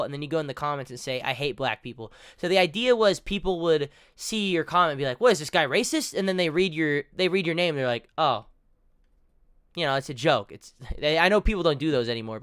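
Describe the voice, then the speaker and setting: A man's voice: on the high side, a bit bright, clear, resonant tone, no room sound, studio quality. A young man doing profane, mocking reaction commentary in a rambling way. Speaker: commentary streamer.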